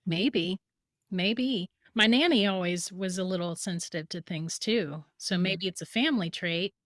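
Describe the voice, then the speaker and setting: A woman as a podcast guest, telling a story in a lively way and laughing through it. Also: lowish voice, unhurried, dry recording, studio quality.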